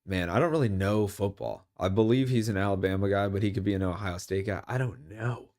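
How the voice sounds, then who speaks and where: A man's voice: on the low side, brisk. Casual young man rambling about football. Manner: rambling, jokey, bursts into excited yells at big plays. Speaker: streamer watching football. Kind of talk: casual live-stream commentary.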